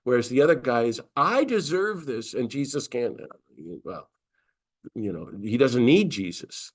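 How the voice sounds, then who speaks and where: A middle-aged priest teaching a class on scripture, lively and conversational, briefly acting out the voices of the figures he quotes. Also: mid-range voice, a little slow. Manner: animated, acts out quoted voices. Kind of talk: lecture on scripture.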